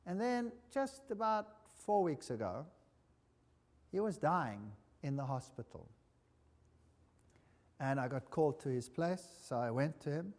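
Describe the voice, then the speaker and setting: A man preaching a sermon and telling a story, emphatic and conversational, moving between loud and hushed delivery. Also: high-pitched. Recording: long reverb of a large hall.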